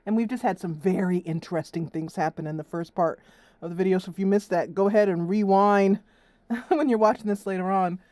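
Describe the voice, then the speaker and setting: A young woman hosts her gaming livestream in a mid-range, warm voice, talking fairly quickly with no room sound. She chats casually and giggles a lot, laughing often throughout.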